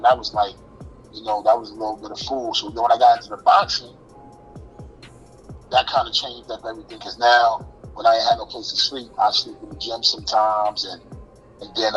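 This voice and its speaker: A man's voice: lowish voice, level tone, moderate pace, a bit bright, faint music behind, low-quality recording. A man in his forties with a New York accent, telling life stories as an interview guest in loose street slang. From Brooklyn, New York. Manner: loose street slang, restarts, acts out quoted voices. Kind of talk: casual storytelling.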